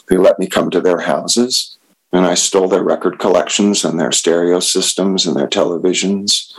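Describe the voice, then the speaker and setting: A man telling a candid personal story about his recovery, halting and self-deprecating. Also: low-pitched, breathy edge, low-quality recording. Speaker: speaker sharing recovery story.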